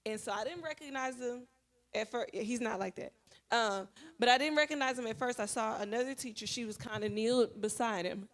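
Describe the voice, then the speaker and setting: A woman teacher gives an earnest, animated testimony at a church Bible study, telling a story in a conversational way. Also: a little high, a little fast. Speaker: schoolteacher sharing at a Bible study.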